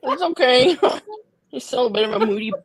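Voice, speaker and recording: A woman's voice: sits high, animated, moderate pace, breathy edge, no echo. A woman chatting casually, giggly and candid. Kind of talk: casual chat.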